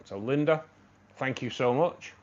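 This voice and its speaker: Slightly dull stream audio, with a faint hiss, carries a livestream host's mid-range voice at a somewhat slow pace. He keeps the chat casual, calls out viewers by name to thank them, and chuckles at his own jokes.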